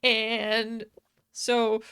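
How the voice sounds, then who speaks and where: A woman's voice: on the high side, monotone, extremely slow, fairly bright tone, smooth, no echo, studio quality. A young woman co-hosting a casual podcast, recapping a book with frequent laughs, casual swearing and many ums. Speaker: podcast co-host.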